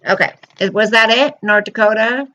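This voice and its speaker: A woman's voice: a little high, moderate pace, sharp tone, lo-fi sound. A middle-aged woman chatting casually with viewers on a livestream, rambling through personal stories in an emotional way. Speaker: livestream host.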